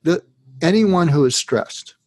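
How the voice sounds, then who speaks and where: A man's voice: fairly high pitch, animated, a little slow, darkish tone, no echo. A man, a psychiatrist, being interviewed, who explains his method step by step and now and then acts out what a troubled patient might say. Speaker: psychiatrist guest.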